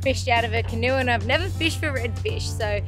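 High-voiced playful woman host. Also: a little fast, music in the background. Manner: playful, teasing. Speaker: show host. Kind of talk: casual outdoor show chat.

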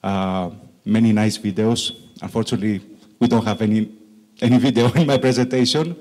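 A man with a Greek accent shaped by Italian, giving a conference presentation as a country manager, joking about his English and slowing down for emphasis with many fillers. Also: on the low side, steady tone, darkish tone. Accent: Greek with Italian influence. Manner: jokey, slow emphatic asides, frequent uh fillers.

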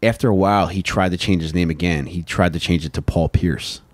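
A man's voice: low-pitched, fairly even intonation, a little fast, no echo. A young man hosting a podcast, telling a true-crime story in a laid-back, profane way and laughing often. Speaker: podcast host.

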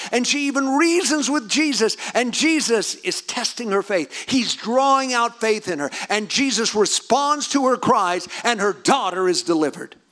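A male pastor preaching a sermon, building to fervent, near-shouted emphasis. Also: extremely high pitch.

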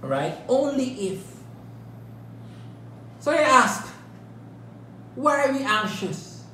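A woman's voice: high-pitched, sing-song, slow, pushed and bright, a little hiss or hum. A woman leading a Bible study, emphatic and full of rhetorical questions, checking in with "right?". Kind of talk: interactive Bible teaching. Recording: echoey room with faint ambience.

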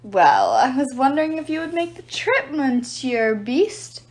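Ancient serpent monster, dry and mocking, drawn-out lines, as a woman reading aloud puts him on. Storybook read-aloud. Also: high voice, sing-song.

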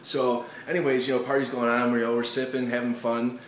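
A man's voice: medium pitch, flat delivery, fairly quick. Profane, rambling young man. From Chicago. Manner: rambling, profane, lots of fillers. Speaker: vlogger. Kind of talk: casual rant vlog. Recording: echoey room, faint hum.

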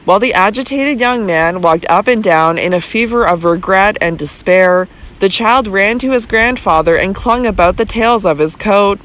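A man narrating a classic novel as an audiobook with a steady, measured reading. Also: sits high, low-quality recording.

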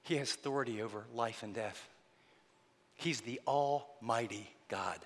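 A man preaching a sermon, telling the story dramatically and swinging between loud passages and hushed ones. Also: medium pitch, a little slow, big-room sound, slight background noise. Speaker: pastor.

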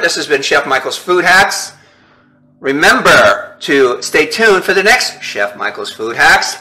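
A man's voice: sits high, bright, forceful tone, poor audio. A man hosting a casual home cooking demonstration, chatty and upbeat, often checking in with "okay?" and "right?" as he works in his kitchen. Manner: upbeat and enthusiastic about the food. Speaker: chef hosting a cooking show.

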